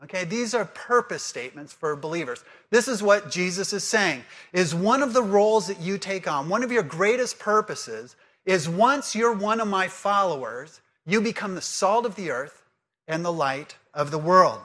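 A man delivers a sermon in a high, bright voice. He quizzes the congregation and then settles into earnest teaching. He reads scripture aloud slowly. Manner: lively call-and-response with the congregation. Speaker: pastor.

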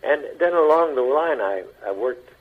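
An older male actor tells his stories as a radio guest, his voice husky and his delivery halting, with words often repeated. The broadcast sound is dull and lo-fi. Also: a little high, expressive. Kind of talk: anecdotal interview talk.

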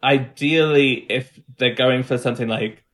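A man, a guest coach explaining things in a relaxed, casual way and demonstrating sounds as he goes. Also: mid-range voice, measured pace. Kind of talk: casual podcast chat.

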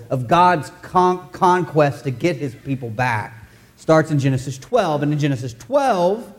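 A man preaching a sermon in a church, loose and conversational, cracking jokes and speaking straight to the congregation. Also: mid-range voice. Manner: joking, conversational, addresses the congregation directly. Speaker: pastor.

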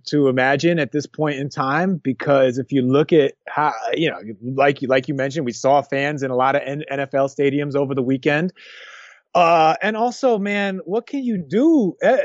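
A man co-hosting a casual sports chat, rambling and restarting his sentences with lively energy, on a dull lo-fi recording. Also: high-pitched, no room sound. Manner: rambling, lots of restarts, animated. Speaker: podcast co-host. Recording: dull lo-fi dry sound.

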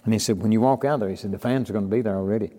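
An older man chats in a relaxed, folksy way, acting out the people in his stories. His voice is dark and mellow. The room rings with a long echo. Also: fairly low pitch, rapid-fire. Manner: folksy storyteller, acts out quoted dialogue. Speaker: podcast guest. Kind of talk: casual storytelling.

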